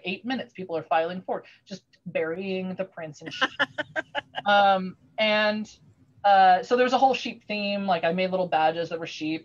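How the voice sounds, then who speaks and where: A woman telling a long animated story in a casual chat, rambling with many restarts, heard over a video call. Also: lowish voice, muffled recording. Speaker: craftsperson sharing her work on a video call.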